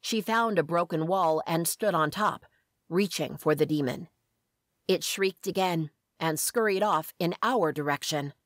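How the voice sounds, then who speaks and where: A woman reading a first-person fantasy story aloud as an audiobook narrator, with a steady, even delivery. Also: on the low side, a little slow, no room sound, clean studio sound.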